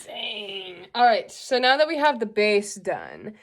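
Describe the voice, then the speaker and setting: A woman's voice: mid-range voice, wildly swooping pitch, slow pace. A young woman hosting a casual makeup tutorial, chatty and joking as she explains each step.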